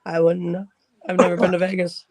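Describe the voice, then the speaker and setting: A woman in her late twenties from Minnesota with a Minnesotan accent, a guest in a casual group chat who makes dry, deadpan quips. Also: on the low side, a little fast, no echo. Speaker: livestream guest.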